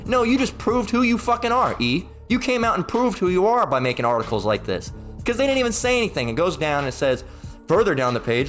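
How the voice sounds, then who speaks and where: A man's voice: fairly high pitch, expressive, a little fast, a bit bright. Guy in a heated sweary rant, keeps restarting, faint music behind. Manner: heated, profane, stumbling restarts. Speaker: political commentator reacting to an article. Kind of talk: angry profane rant.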